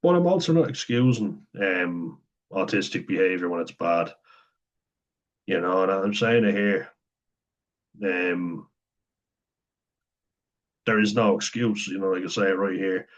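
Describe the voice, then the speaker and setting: A man's voice: sits low, a little slow, pauses often. A young man in a candid, profane personal monologue, talking frankly and conversationally. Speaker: vlogger. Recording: dull lo-fi sound.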